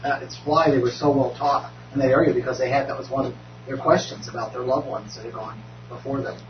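A man in a Bible study group, speaking haltingly and restarting his sentences. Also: medium pitch, steady tone. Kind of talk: group discussion. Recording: distant echoey lo-fi with hum.

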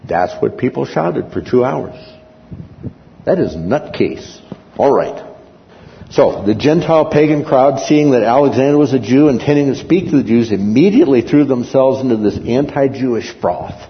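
A man teaching a Bible class in a lively, conversational way, often checking in with his listeners, on a muffled recording in a reverberant hall. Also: medium pitch.

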